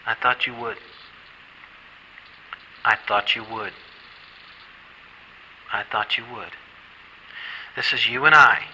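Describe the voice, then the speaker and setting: A man working as a paranormal investigator, coaxing unseen spirits with gentle, pleading, repetitive talk inside a derelict island building. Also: mid-range voice, fairly even intonation, slow pace, pauses often, slight background noise, low-quality recording. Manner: gentle, pleading, repeats himself.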